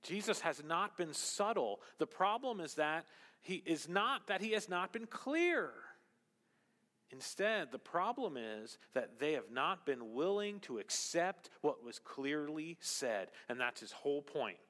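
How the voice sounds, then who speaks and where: Preacher guy giving a sermon, bright punchy voice, big hall echo, goes from loud and high to quiet and low. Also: very animated, measured pace. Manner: emphatic, swinging between loud, high exclamations and low, quiet stretches. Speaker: pastor. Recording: long reverb of a large hall.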